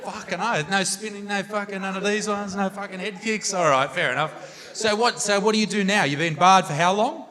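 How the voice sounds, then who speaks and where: A man's voice: high-pitched, a little fast, pushed and bright. A young Australian man doing stand-up comedy, bantering crudely with the audience on a theatre stage into a handheld mic. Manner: brash, crude banter with the crowd. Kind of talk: stand-up crowd work. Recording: live hall reverb with audience noise.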